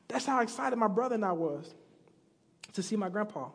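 A man's voice: high voice, expressive, a little fast, creaky, a bit bright, husky, big-room sound. A man preaching a sermon, telling stories and acting out characters in a casual, slangy way. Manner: acts out characters with slang voices. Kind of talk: sermon storytelling. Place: church sanctuary.

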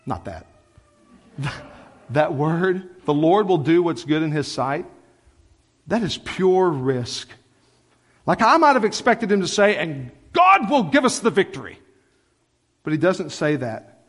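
Animated high-voiced male preacher. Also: unhurried, long pauses, breathy edge, in a large hall. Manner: animated, conversational storytelling with asides. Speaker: pastor. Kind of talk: sermon. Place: church sanctuary.

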